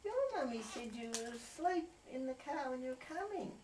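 A woman in a casual home chat, cooing softly over a baby and asking gentle questions. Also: sits high, expressive, normal speed, a little hiss or hum. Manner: soft cooing talk to a baby. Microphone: far camcorder. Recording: echoey room picked up from a distance.

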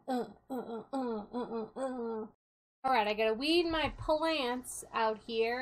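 A young woman casually commenting on a life-sim game she plays, chatty and quick to laugh. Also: a little high, rough recording. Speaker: gaming video host.

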